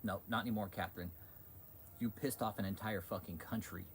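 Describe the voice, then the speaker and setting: A man's voice: fairly low pitch, fairly even intonation, a little fast, slight background noise. A man hosting a livestream, ranting in a heated, profane, repetitive way. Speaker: channel host.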